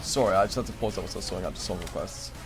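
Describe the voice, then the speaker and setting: A man's voice: low-pitched, rapid-fire. A young man streaming, telling a rambling story in casual chat with lots of fillers and acted-out quotes. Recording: music playing behind.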